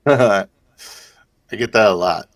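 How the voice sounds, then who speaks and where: A man's voice: on the low side, drawn-out words. A man playing in a casual tabletop role-play, joking and laughing, mimicking beeps. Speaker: player.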